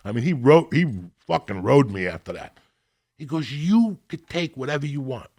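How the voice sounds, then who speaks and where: Middle-aged man from Cuba with a raspy, gravelly voice, a foul-mouthed storyteller who acts out his quotes. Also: mid-range voice, normal speed. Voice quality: gravelly, husky. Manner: profane, animated storyteller acting out quotes. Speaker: podcast guest. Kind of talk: storytelling in casual chat.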